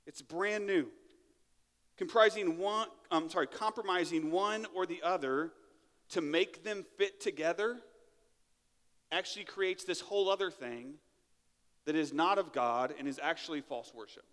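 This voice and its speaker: A man's voice: high-pitched, a little slow, a bit bright, big-room sound. A man preaching a sermon in a church, talking in a conversational way and often checking in with "right?". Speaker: pastor. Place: church sanctuary.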